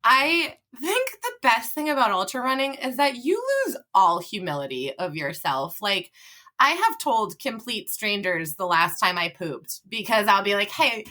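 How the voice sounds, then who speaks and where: Speaking a little slowly at a medium pitch, this twentysomething woman is a podcast guest sharing a funny story in a casual chat. Her delivery is animated, full of laughter, with quotes acted out.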